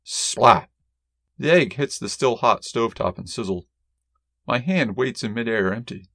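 A man narrating a first-person story as an audiobook reader in a measured, wry, deadpan way. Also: medium pitch, no room sound, clean studio sound.

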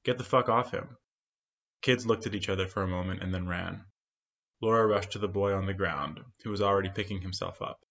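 A man narrating a short story in a steady, measured reading, on a dull lo-fi recording. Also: deep voice, vocal fry. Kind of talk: scripted fiction reading.

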